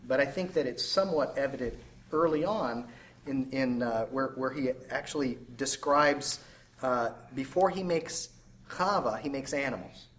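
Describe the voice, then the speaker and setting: A man in a Bible study group speaking reflectively and hesitantly, with many pauses and fillers. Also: medium pitch, a bit bright, a little hiss or hum, low-quality recording. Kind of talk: group discussion.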